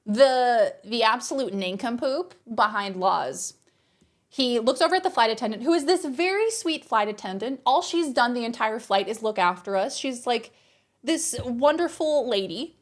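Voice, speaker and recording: A woman streamer telling a story to her live chat in a lively, exasperated way, swearing freely. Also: a little high, normal speed. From Australia.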